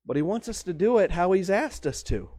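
Pastor, light high voice, storytelling sermon, dry recording. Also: male voice, expressive, fairly quick, dark tone, husky, no room sound. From Texas. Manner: conversational storytelling preaching.

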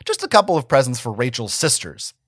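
A man's voice: medium pitch, big pitch swings, brisk, fairly bright tone, breathy edge, no echo, studio quality, full character voice. A man voicing a serious, easily flustered teenage boy who leads his friends, in a dramatic fan-fiction reading. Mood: defensive. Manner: defensive, earnest.

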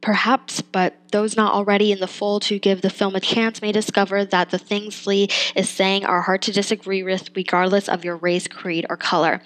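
A young adult woman talks through a film review in a loose, chatty way. She thinks out loud, trails off into fillers and laughs at herself, at a middle pitch for a woman. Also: flat delivery, moderate pace, hardly any pauses, rough recording. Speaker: podcast host reviewing a film. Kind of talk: casual spoken film review.

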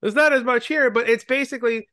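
A man's voice: very high-pitched, fairly even intonation, fast talker, bright, forceful tone, no room sound, studio quality. A male pastor co-hosting a casual Bible podcast, reading scripture and ranting irreverently with casual swearing.

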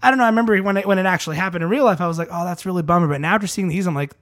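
Male co-host, slightly high voice, animated and quick to laugh, dry close mic. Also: no room sound. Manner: animated, laughs often, acts out quotes. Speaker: podcast co-host. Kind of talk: casual movie discussion.

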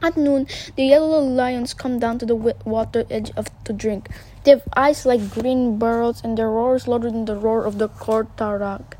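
A woman's voice: a little high, fairly even intonation, moderate pace, dark tone, a little hiss or hum. A woman reading a fairy tale aloud, stumbling over words, correcting herself, and dropping casual asides. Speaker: reader.

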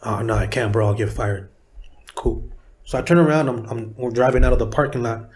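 A middle-aged man from San Diego, a rapper guest telling a story in a profane, animated way, acting out the people he quotes. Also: medium pitch, brisk. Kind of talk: casual storytelling interview.

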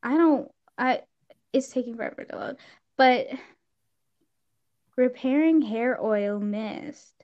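A teenage girl in casual chat, animated, with quick asides and expressive exclamations. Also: on the high side. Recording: dull lo-fi sound.

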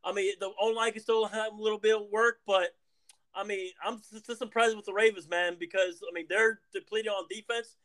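A man hosts a casual sports chat podcast in a high, fairly bright voice, steady in tone and a little fast. He's hyped, repeats himself, and keeps tossing in "bro."

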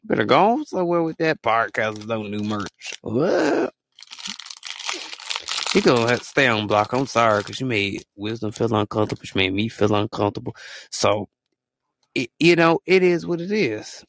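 A man co-hosting a podcast in casual chat, telling stories in slang with sudden high exclamations. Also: lively intonation, brisk, fairly bright tone, a little hiss or hum. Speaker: podcast co-host.

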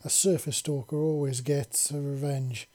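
A man's voice: a little high, steady tone, moderate pace, dark tone, close to an everyday voice. A man putting on a teasing, bossy creature woman. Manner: playful, sultry, bossy. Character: fierce female feathered creature, teasing and commanding.

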